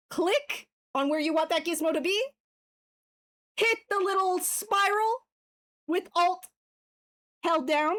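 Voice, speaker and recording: Female streamer, higher voice, casual jokey chatter with swearing, tutorial asides. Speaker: livestreamer sculpting digital art. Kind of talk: casual chat while demonstrating software.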